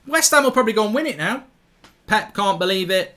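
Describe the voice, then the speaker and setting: Excitable man ranting over a match. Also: sits high, a little fast. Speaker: football watchalong host. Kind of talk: live match watchalong commentary.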